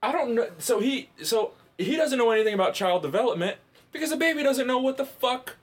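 A man hosting a podcast in casual chat, telling stories in an excitable, profane way. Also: very high-pitched, fairly quick. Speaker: podcast host.

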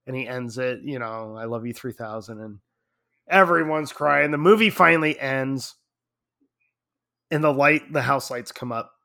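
A middle-aged man in casual chat, telling a story in an animated way and laughing often. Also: mid-range voice, moderate pace, gravelly.

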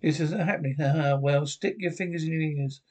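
An actor playing a short, greedy band manager who stammers nervously and argues with himself. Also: male voice, fairly high pitch, fairly quick, a little mellow, lightly acted. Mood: jittery. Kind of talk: TV horror anthology acting.

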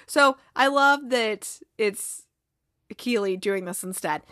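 A woman's voice: on the high side, slow, bright, forceful tone, no room sound, studio quality. Chatty woman recapping a show. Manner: rambling, chatty, full of "like" and asides. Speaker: TV recap host. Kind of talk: casual episode recap.

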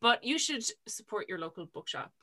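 Bright-voiced Irish woman chatting. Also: medium pitch, big pitch swings, normal speed. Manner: chatty, rambling with many fillers. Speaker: podcast co-host. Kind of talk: casual chat.

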